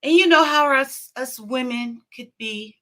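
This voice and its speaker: A woman's voice: high voice, measured pace, pushed and bright. A middle-aged woman hosting a casual livestream, chatting and greeting viewers by name with frequent laughs. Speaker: livestream host.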